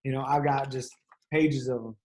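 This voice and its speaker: A man, a wrestling coach, talking casually and haltingly with many restarts. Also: mid-range voice, little pitch movement, darkish tone, slight background noise. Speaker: wrestling coach, podcast co-host. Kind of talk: casual chat.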